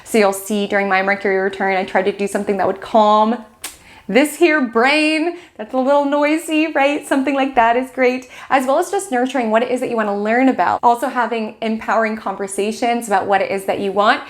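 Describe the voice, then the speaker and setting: A woman's voice: on the high side, fairly even intonation, a little fast. A woman chatting in a casual vlog, bubbly and gushing. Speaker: astrology vlogger.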